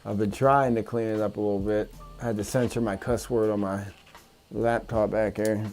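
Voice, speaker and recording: A man's voice: on the low side, steady tone, moderate pace, a little mellow. Man, drone hobby vlogger, casual, frustrated, swears and mutters, faint music behind. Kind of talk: casual talk while working.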